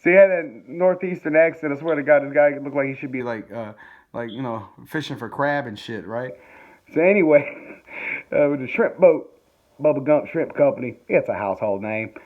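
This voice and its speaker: Speaking at a normal speed and medium pitch, a man vlogs from home during a power outage. He rambles through a story into his phone, chuckling and swearing along the way, and the sound is tinny like a phone.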